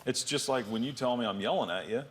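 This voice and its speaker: A man on a talk show, defending himself to his wife in a hesitant, halting way from a TV studio. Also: medium pitch. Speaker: guest. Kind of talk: heated argument with spouse.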